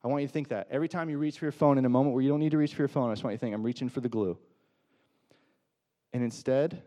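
A man delivers a sermon in a casual, conversational way. His voice is mellow and dark, at an ordinary pitch. He leans on rhetorical questions and briefly acts out the people he quotes. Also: rapid-fire. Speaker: pastor.

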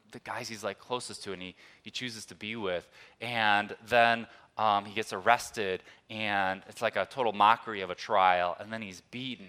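A married man preaching a conversational sermon, moving between hushed, tender moments and loud, emphatic ones. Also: on the low side, clear, resonant tone. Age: adult, old enough to be married. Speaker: pastor.

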